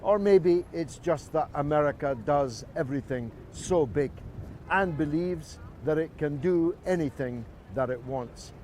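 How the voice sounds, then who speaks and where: A man's voice: a little high, measured pace, a little mellow, slight background noise. Scottish orator man, older, outdoors. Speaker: presenter. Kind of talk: scripted to-camera introduction.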